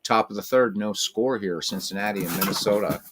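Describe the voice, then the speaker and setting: Man, fairly low voice, casual mock announcer, tabletop baseball play-by-play. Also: brisk, a little hiss or hum. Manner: mock announcer calls, talks to his cats in a high, cooing voice. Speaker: host playing a tabletop baseball game.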